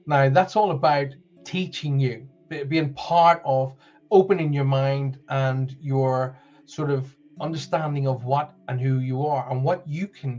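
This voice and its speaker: Northern Irish male host, chatty and rambling, medium pitch, muffled stream audio. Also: darkish tone. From Northern Ireland. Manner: chatty, rambling, many fillers and restarts. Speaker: spiritual show host. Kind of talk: live-streamed chat show.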